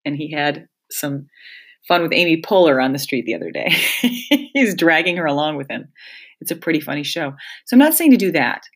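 Low-voiced woman hosting a reflective talk. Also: very animated, moderate pace, husky. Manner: conversational, speaks directly to listeners as folks. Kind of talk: reflective self-help monologue.

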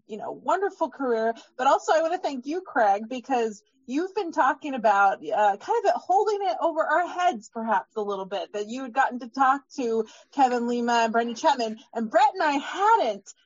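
Brief: woman co-host, high and bubbly, dull lo-fi sound. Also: sing-song, normal speed, few pauses, dry recording. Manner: bubbly, gushing. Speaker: podcast co-host. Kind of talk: casual podcast chat.

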